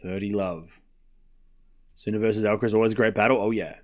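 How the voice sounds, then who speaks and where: This tennis commentator streams late at night, chatting with viewers, trading banter and rattling off quick score calls during his casual play-by-play. He speaks in a fairly low voice with little pitch movement.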